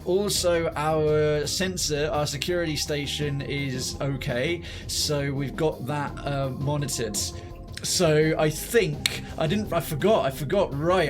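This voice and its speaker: Man in his twenties or thirties, somewhat high voice, live game commentary, swears and talks through his moves. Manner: animated, swearing, thinks aloud. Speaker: streamer.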